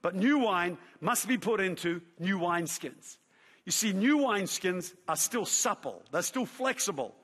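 A middle-aged man, a pastor telling a lively story in a sermon, acting out his own shouts and quotes. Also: high-pitched, slightly rough. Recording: long hall reverb.

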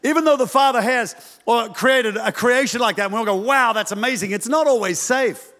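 A male pastor preaching a sermon in an animated, humorous way, acting out the voices of parents. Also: extremely high pitch, moderate pace, in a large hall.

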